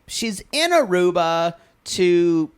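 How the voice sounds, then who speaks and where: A podcast co-host chatting casually, gossiping and teasing in an animated way. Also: medium pitch, clear, resonant tone. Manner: animated, gossipy, quick to laugh and tease. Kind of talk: casual chat.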